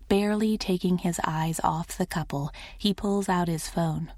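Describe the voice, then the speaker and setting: A woman narrating a first-person romance audiobook in a soft, intimate reading. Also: on the low side, steady tone, normal speed, hardly any pauses, no room sound, clean studio sound.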